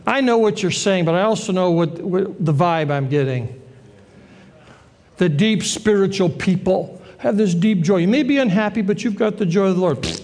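A man preaching a sermon, animated and joking, acting out the voices of the people in the story. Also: high-pitched, moderate pace. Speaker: pastor.

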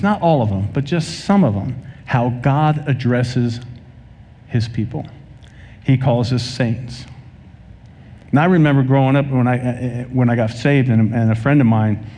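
Male preacher, warm dark tone, big reverberant sanctuary sound, acts out his anecdotes. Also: mid-range voice, moderate pace. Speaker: pastor. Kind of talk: sermon. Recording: long hall reverb.

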